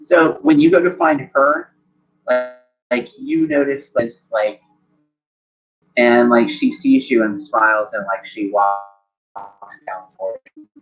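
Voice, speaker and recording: A man's voice: mid-range voice, slow pace, pauses often. A man narrating a tabletop game as game master, rambling and full of "like" fillers. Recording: dull lo-fi sound, faint music.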